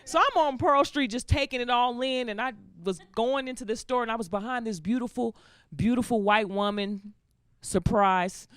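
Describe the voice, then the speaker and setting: A young woman doing a stand-up comedy set, telling stories in an animated, laughing way and slipping into voices, on a stage with a live audience. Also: a little high, normal speed. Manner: animated, laughing storytelling that slips into character voices.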